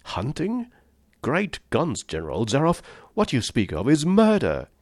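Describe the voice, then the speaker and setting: A man voicing an earnest young hunter who protests in shock and indignation, pitched well above his own voice. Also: sing-song, moderate pace, darkish tone, dry recording, studio quality. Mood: indignant.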